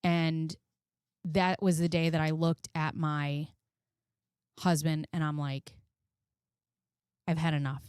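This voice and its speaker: A woman's voice: sits low, level tone, takes it slowly, pauses often, darkish tone, clean tone, dry recording, clean studio sound. Frank, emotional woman telling her story. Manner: emotional, profane, frank, addresses viewers as friends. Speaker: commentary channel host. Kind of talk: candid personal storytelling.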